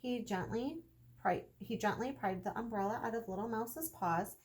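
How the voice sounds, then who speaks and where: Woman teacher reading a storybook to children, gentle, expressive, slightly husky. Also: fairly high pitch, moderate pace. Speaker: kindergarten teacher. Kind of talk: children's story read-aloud.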